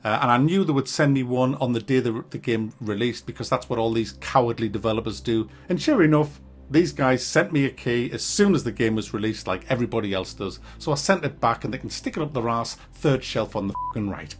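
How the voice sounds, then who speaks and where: A man's voice: mid-range voice, fairly quick. A man giving a casual video game review, blunt and sweary, ranting as he goes.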